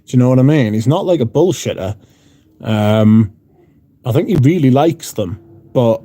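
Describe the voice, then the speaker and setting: Male livestream host, mellow low-toned voice, casual and foul-mouthed. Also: expressive, moderate pace, long pauses, dry recording. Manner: sweary, blunt. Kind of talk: casual chat reading out viewer comments. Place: room at home.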